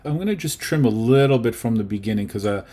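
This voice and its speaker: A man's voice: mid-range voice, animated, quick pace, mellow. A man teaching a casual lesson on video editing, chatty and often checking in with his students. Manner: chatty, checks in with okay and right.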